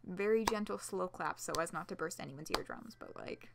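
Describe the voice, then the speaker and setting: Gravelly-voiced woman reading a game aloud. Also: fairly low pitch, moderate pace, very noisy. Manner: expressive, laughs often, swears casually. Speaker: streamer. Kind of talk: reading a visual novel aloud on stream.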